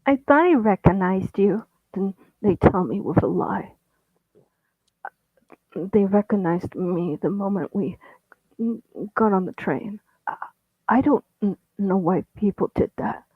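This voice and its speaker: Halting male storyteller who stammers through his own tale, slow and husky, recorded dry over thin phone-quality audio. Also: high-pitched, dry recording. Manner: halting, stammering, with many restarts; drops into an unvoiced whisper at times. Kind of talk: first-person story reading.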